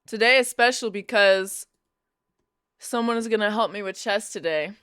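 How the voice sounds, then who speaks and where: A young woman chats casually with her live-stream audience through Bluetooth headphones, her mid-range voice bright, clean, and at a moderate pace. She's playful and teasing and laughs often, in dry, clean studio-quality sound.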